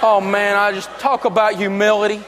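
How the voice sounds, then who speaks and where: High-voiced joking man in a hall. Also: level tone, a little fast, over a noisy crowd, heavy background noise. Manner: joking storyteller, folksy and emphatic. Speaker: money speaker and radio host. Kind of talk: live seminar talk to an audience.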